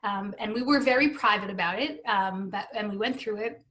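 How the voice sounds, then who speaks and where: A woman's voice: medium pitch, a little fast, a bit bright. A woman in her thirties giving an earnest, emotional personal testimony, acting out what others said to her. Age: 30s. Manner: earnest and emotional, with acted-out quoted dialogue. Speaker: guest telling her story. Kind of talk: personal testimony at a benefit stream.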